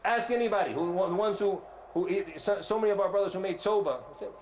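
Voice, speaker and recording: A man speaks loudly into a close microphone, delivering an animated lecture to a big hall. His voice sits a little higher than most men's, and he keeps throwing questions at the audience and teasing them for staying quiet. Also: fast, slight background noise. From USA. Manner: animated, asks the crowd questions and teases them; loud voice, by his own account. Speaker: visiting sheikh giving a lecture. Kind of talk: lively lecture sermon to a youth audience. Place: large multi-floor community centre hall.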